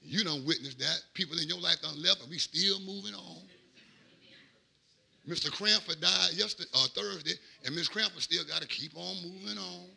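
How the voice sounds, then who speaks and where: A middle-aged man, a pastor, preaching a sermon in a rhythmic cadence that swings from quiet asides to shouted peaks. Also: fairly high pitch, normal speed, gravelly, slightly rough.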